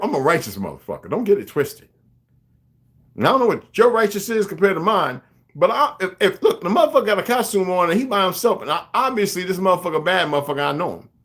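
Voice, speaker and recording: A man's voice: sits high, a bit bright. A man ranting on a livestream to his viewers, emphatic and profane, rambling and greeting chat viewers by name. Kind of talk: unscripted livestream rant.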